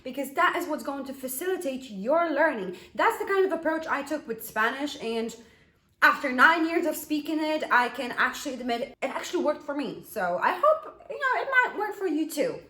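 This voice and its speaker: A woman teaching a language lesson in a high, lively voice, drilling words slowly. She is a Polish native speaker, and her voice rings in an echoey room. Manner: animated, slow repeated model pronunciations.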